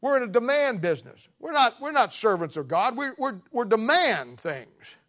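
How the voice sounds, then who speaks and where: A middle-aged male preacher delivering a blunt, confrontational sermon, swinging from loud declarations to low asides. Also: very animated, moderate pace. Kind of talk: fiery sermon.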